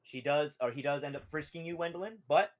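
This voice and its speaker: A man's voice: on the high side, quick pace. Jokey man running a tabletop game. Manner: jokey, laughs a lot. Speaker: game master.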